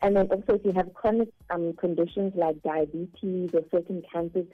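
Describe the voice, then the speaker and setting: A woman dentist guest on a radio show, explaining calmly and laughing easily. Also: on the low side, moderate pace. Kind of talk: radio interview. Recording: muffled line with faint music.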